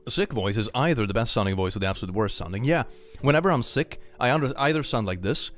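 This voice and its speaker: With soft music in the background, a Swedish streamer reads out donations and supporters' messages while chatting casually. He's animated, playful, and joking, speaking quickly in a medium pitch.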